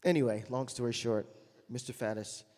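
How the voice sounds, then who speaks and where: A man's voice: mid-range voice, fairly even intonation, moderate pace, long reverb tail. A man, a jazz trumpeter, telling anecdotes to an audience and acting out the voices he quotes. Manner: storytelling, acts out quoted voices loudly.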